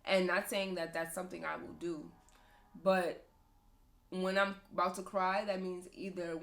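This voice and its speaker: A woman's voice: on the low side, little pitch movement, measured pace, creaky, fairly bright tone. A young woman hosting a podcast, talking candidly and emotionally about motherhood, often laughing. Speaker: podcast host, mother of two sons. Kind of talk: candid personal talk.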